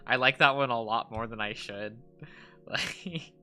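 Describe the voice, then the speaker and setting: Male streamer, casual rambling chat, sharp bright tone, unhurried. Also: medium pitch, soft background music. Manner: giggly, rambling, many fillers. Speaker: streamer drawing live.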